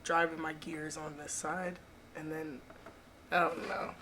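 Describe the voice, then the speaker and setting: A woman's voice: sits low, flat delivery, noisy background. Playful young woman host. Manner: playful, quick back-and-forth with fillers. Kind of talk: casual interview chat.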